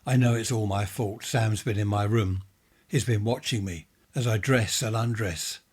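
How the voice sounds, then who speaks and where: A man's voice: on the low side, normal speed, darkish tone, slightly rough. A man reading a ghost story, voicing a frightened, tearful young woman who pleads through sobs. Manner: sobbing, pleading. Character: frightened teenage girl, tearful and desperate.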